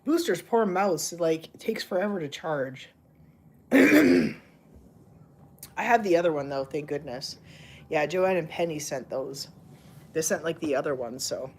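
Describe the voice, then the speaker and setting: A woman's voice: deep voice, expressive, measured pace, long pauses, slight background noise. A woman hosting a casual livestream with her cats, chatting to viewers, laughing often and cooing at the cats in baby talk. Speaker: livestream host with pet cats.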